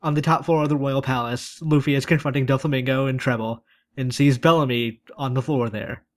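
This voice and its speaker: A man's voice: mid-range voice, a little fast. A man co-hosting a casual chat, recapping loosely and joking with his friends. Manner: relaxed, joking, loose storytelling. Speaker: podcast co-host.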